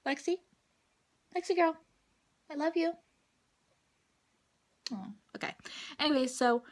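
A woman's voice: medium pitch, darkish tone. A young adult woman talking straight to camera in a casual vlog, venting bluntly and swearing freely about her day. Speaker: vlogger.

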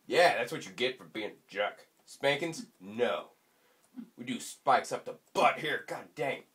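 A young man rambling through let's play commentary, self-mocking with sudden excited yelps, his voice slightly stuffy from allergies. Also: medium pitch, normal speed. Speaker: gaming YouTuber.

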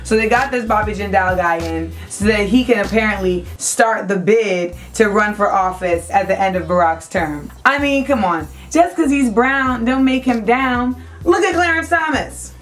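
A young adult woman hosting a web show, giving brash, profane, animated comedic commentary. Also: mid-range voice, moderate pace, few pauses, faint music behind.

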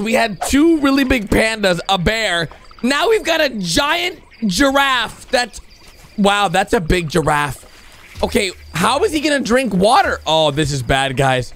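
A man hosting a reaction video, giving excitable, exclamatory commentary on animated clips and calling out to viewers. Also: sits high, unhurried. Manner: excitable, exclamatory, talks to viewers as "bro" and "guys". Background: music.

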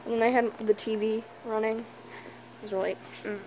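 A tired young woman chatting casually in a home vlog, soft and hesitant with many pauses and ums. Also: fairly high pitch, level tone, a little hiss or hum, poor audio. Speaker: vlogger. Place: home, indoors.

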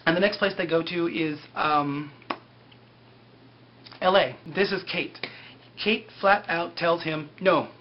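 A man's voice: fairly high pitch, takes it slowly, pauses often, slight background noise. Flippant man with a lo-fi sound. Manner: flippant, sarcastic, loose "he's like" storytelling. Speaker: TV episode recapper. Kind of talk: casual recap with mocking asides.

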